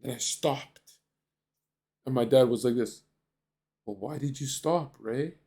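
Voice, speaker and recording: A male streamer from Canada tells stories in casual, crude language, with a voice of ordinary middle pitch. He is animated and acts out the voices of the people in his stories. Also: measured pace. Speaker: streamer host.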